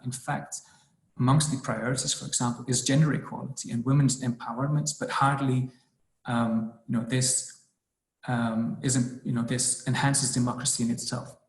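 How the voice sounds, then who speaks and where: A man's voice: medium pitch, gravelly, reverberant, rough recording. A man presenting a policy brief in a webinar, speaking hesitantly with many fillers and restarts. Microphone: video call.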